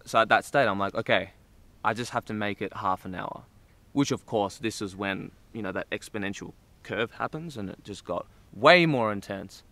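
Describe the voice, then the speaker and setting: A vlogger, a man with a lowish voice, tells a long personal trip story at a moderate pace, animated and rambling, with lots of "like"s and laughter. The recording is dry.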